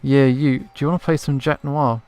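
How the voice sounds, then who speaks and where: A man's voice: mid-range voice, steady tone, brisk, darkish tone, clear, resonant tone, no echo, close to an everyday voice. A man voicing a pushy, persuasive male gambler in a video game tavern. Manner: wheedling, persuasive.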